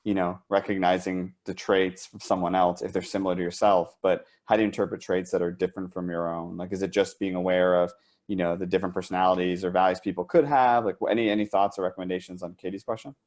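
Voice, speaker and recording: A man's voice: deep voice, steady tone, fast, a little mellow. A man moderating a webinar, politely relaying audience questions with hesitant fillers.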